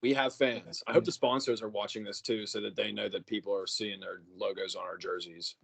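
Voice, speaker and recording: A man's voice: fairly low pitch, level tone, fairly quick, vocal fry, slightly rough. Easygoing man chatting on a podcast. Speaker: podcast co-host. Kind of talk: casual chat.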